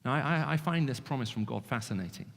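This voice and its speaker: A man with a British English accent who grew up in the Middle East, giving an animated, joking evangelistic talk to students with frequent restarts. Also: mid-range voice, fast talker, creaky. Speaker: guest speaker. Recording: long hall reverb.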